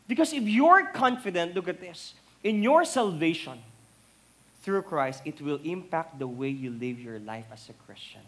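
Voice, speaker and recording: Filipino pastor preaching with rising emphasis. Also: male voice, on the high side, expressive, moderate pace. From Philippines. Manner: switches between English and Tagalog, builds to loud emphatic peaks on key words. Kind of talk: sermon.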